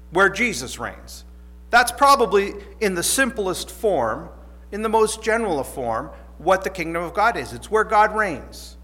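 A man's voice: high voice, sharp tone. A man preaching a sermon, reading scripture aloud and then explaining it earnestly, repeating key phrases and sometimes restarting a sentence. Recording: long reverb of a large room.

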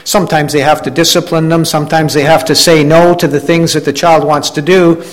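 A man's voice: fairly high pitch, little pitch movement, a little fast, low-quality recording. A man preaching a sermon in a conversational way, often restarting his phrases and acting out the people he quotes. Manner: conversational preaching with frequent restarts and "you know"; acts out quoted complainers in a raised voice. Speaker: pastor.

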